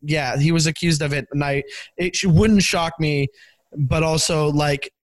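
A man's voice: on the high side, unhurried. A man who is a comedian, a guest in a casual podcast chat, telling stories with animation and stumbling over his starts. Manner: stammers when starting, animated storyteller.

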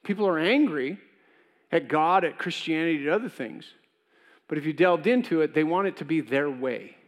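A man's voice: a little high, expressive, moderate pace, long reverb tail. A man pastor preaching a sermon in a conversational way, acting out short voices of the people in his story. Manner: conversational preaching, acts out voices of God and Cain. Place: church.

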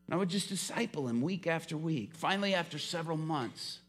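A man's voice: fairly high pitch, animated, fairly quick. A man preaching a sermon who tells a story with drama and acts out the dialogue himself.

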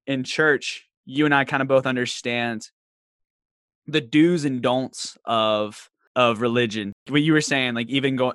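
A man's voice: medium pitch, fairly bright tone, clear, resonant tone, no echo, studio quality. A man from Southwestern Virginia with a light Southern accent, hosting a casual podcast chat, laughing often as he tells stories. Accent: Southern American, light. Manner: chatty, laughs often, playful storytelling. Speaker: podcast host. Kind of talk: casual conversation.

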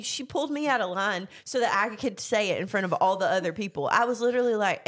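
A woman's voice: medium pitch, lively intonation, fast talker, few pauses. A woman with a Southern US accent, co-hosting a casual podcast chat and telling stories with frequent laughter. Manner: laughs often, tells stories animatedly. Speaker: podcast co-host.

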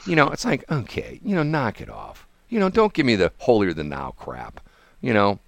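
A man's voice: fairly low pitch, wildly swooping pitch, moderate pace, vocal fry, dry recording. A man hosting a radio show, chatting casually in a studio, rambling with many restarts and asides. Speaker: radio host. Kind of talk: casual on-air banter.

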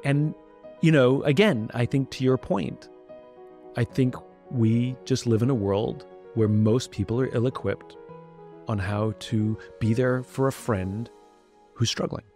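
A man talking candidly as a podcast guest, reflective and blunt, turning lively when he quotes other people. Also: mid-range voice, measured pace, soft background music. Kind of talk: candid conversational talk.

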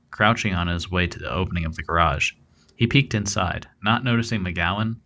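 Low bright-voiced male true crime host. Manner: relaxed, thinking aloud with fillers. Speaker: podcast co-host. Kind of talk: true crime narration and chat.

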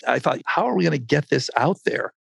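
Older male researcher, gravelly, dry close sound, animated storyteller voicing quotes. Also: on the high side, fairly quick, no echo. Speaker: medical researcher guest. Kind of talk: storytelling interview answer.

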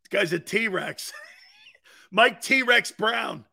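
A man's voice: high voice, extremely slow, creaky, pushed and bright. A man hosting a sports radio show, talking in a rambling, jokey monologue, laughing often and slipping into silly voices. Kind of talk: animated sports talk monologue.

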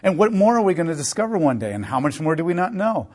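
A man's voice: a little high, big pitch swings, fast, a little mellow. A man teaching on a Bible book in a conversational, emphatic way, piling up rhetorical questions and repeated phrases.

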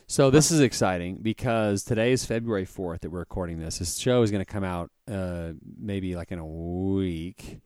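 A man with a deep, clear, resonant voice, a little mellow, co-hosts a podcast at a moderate pace with few pauses. He chats casually and laughs easily, and the recording is a clean studio sound with no room echo.

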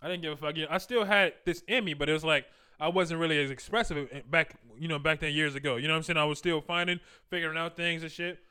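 A man's voice: a little high, fairly even intonation, quick pace, hardly any pauses, sharp tone, smooth. A man giving crude, boastful dating advice in a casual monologue, full of slang and laughter, acting out his own conversations. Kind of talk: casual monologue with acted-out dialogue.

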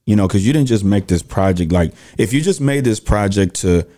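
Male podcast host, very low dark voice, thoughtful questions. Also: animated, fairly quick. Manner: thoughtful, storytelling with restarts. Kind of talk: casual interview chat.

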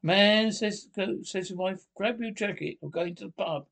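Guy reading pub jokes, kinda gravelly, trips over words and restarts a lot. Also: sits high, fairly bright tone. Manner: halting read with frequent restarts. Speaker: joke teller.

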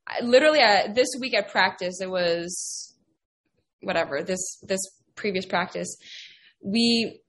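A woman athlete is a guest on a podcast, talking casually in a mid-range voice. She sounds modest and laughs readily at herself. Her delivery is relaxed and conversational. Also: medium pitch, a little slow. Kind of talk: casual interview chat.

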